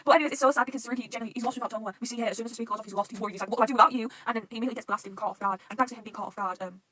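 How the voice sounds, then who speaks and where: A young woman chatting casually about a manga she is reacting to, gushing, excitable and swearing a lot. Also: fairly high pitch, racing, poor audio. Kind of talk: casual fan reaction chat.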